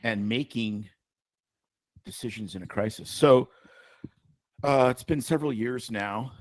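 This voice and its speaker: A man with a medium-pitched voice speaks a little slowly in a dry recording. A doctor co-hosting a casual podcast, he rambles through jokes and stories.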